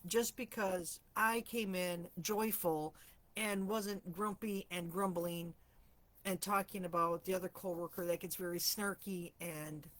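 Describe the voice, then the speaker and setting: A woman hosting a casual live chat, telling stories in a chatty way, clearing her throat often, her morning voice slightly rusty. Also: lowish voice, fairly even intonation, unhurried. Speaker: host of a live stream for empaths.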